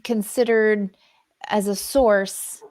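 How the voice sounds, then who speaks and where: A woman's voice: medium pitch, fairly even intonation, takes it slowly, a little mellow, no room sound, studio quality. A woman co-hosting a casual podcast, explaining ideas in a thoughtful, careful way. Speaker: co-host, dialect coach.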